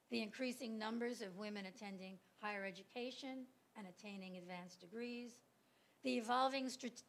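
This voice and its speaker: A woman historian delivering an academic lecture, a little hoarse as her voice gives out. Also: on the high side, slight background noise. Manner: measured, reads from prepared text. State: losing her voice.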